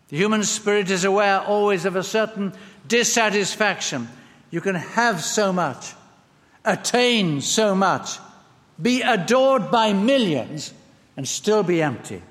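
A man preaching a sermon, expressive and emphatic, with dramatic pauses. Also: high-pitched. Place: church. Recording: long church reverb.

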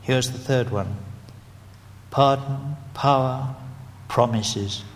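Man preaching in a reverberant hall. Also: mid-range voice. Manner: gentle, slow and deliberate when leading prayers. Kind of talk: evangelistic sermon leading prayer.

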